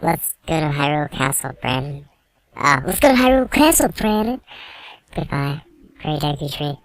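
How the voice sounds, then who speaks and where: Man in falsetto as tiny fairy girl, chirpy, game companion, lively pitch, gravelly edge. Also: moderate pace. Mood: sad.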